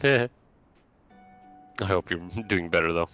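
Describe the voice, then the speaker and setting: Deep-voiced Scottish man, laid-back. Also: slow, pushed and bright, soft background music. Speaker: friend and guest voice actor on a stream. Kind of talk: casual chat.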